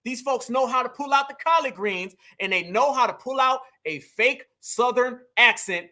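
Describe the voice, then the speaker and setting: A man in talks straight to his audience like a preacher, calling them family. His voice sits high and rings bright. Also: normal speed. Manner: preachy, addresses viewers as family and y'all. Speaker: political commentary host. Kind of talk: casual political commentary.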